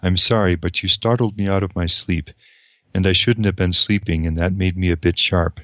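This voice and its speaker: A loyal male hobbit servant speaks bluntly, read by a man. The voice is deep, and the sound is dry and close. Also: steady tone, moderate pace, a bit bright, no echo. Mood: apologetic. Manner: read aloud in a plain voice.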